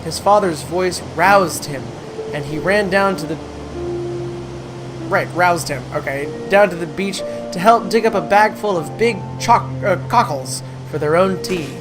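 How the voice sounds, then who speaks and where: A gaming creator playing a story game, reading its text aloud with stumbles and self-corrections and breaking into excited squeals. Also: medium pitch, measured pace. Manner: chatty, trips over words while reading and corrects itself; swings to excited squeals when delighted. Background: game music.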